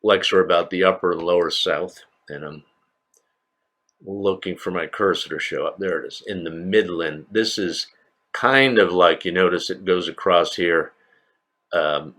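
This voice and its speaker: Deep-voiced older male lecturer, rambling. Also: fairly even intonation, moderate pace, a bit bright. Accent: slight New England. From New England. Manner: rambling, many fillers and restarts. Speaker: university lecturer. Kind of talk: recorded classroom lecture.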